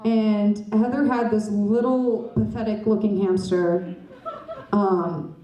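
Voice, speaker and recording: A woman's voice: medium pitch, fairly even intonation, slow pace, mellow, dull audio. A young woman doing stand-up comedy on a club stage, rambling and self-mocking as she chats with the audience. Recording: roomy club sound from a distance.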